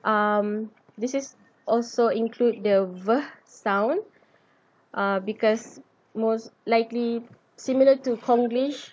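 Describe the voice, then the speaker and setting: Young woman doing a class talk, slow and hesitant, kinda breathy, dull lo-fi recording. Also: a little high, fairly even intonation, a little mellow. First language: Malay. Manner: hesitant, many ums and restarts. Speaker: student presenter. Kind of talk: class presentation.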